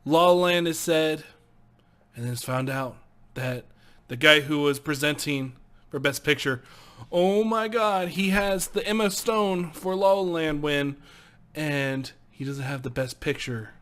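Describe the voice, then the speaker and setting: A young man giving casual movie commentary in a vlog, excitable and swearing freely, laughing often. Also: a little high, measured pace. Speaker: movie vlogger.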